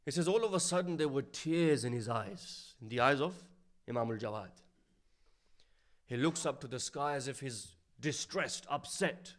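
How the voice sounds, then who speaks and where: A man giving a sermon, telling a story and dropping to a hushed voice for its sad lines, then rising louder to stress his points. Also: animated, moderate pace. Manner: storytelling, drops to a low hushed voice for sad quotes. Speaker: speaker at an Islamic centre.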